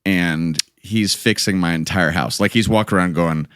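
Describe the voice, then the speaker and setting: A man's voice: deep voice, normal speed, a bit bright, clear, resonant tone, no room sound, studio quality. A man hosting a podcast from home in a chatty, joking way with rambling asides. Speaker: podcast host. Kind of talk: casual chat.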